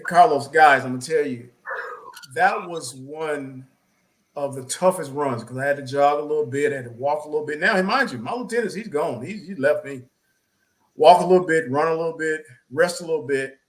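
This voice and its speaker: A man co-hosting a talk show, telling a personal story in a casual, animated way, often repeating words and acting out quotes. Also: on the high side, moderate pace, poor audio. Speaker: podcast co-host.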